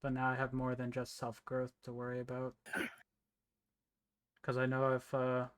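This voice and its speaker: A man's voice: mid-range voice, monotone, normal speed, long pauses, clear, resonant tone, no room sound. A man speaking in character during a live role-play, guarded and reluctant as he admits his past.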